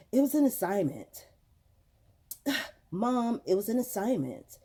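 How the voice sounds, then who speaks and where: A woman voicing her sullen teenage daughter, answering in a flat, exasperated way with sighs. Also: on the high side, slow, pitched above the performer's own voice, exaggerated voice. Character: sullen teenage girl, annoyed at mom.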